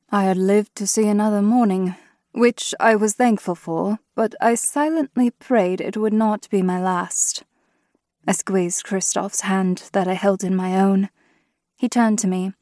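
A woman narrating a first-person fantasy audiobook in a measured, steady way. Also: mid-range voice, dry recording, studio quality.

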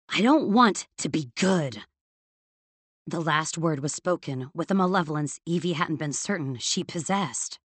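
Low-voiced woman narrating a story. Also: no echo. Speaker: audiobook narrator. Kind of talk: scripted fantasy narration.

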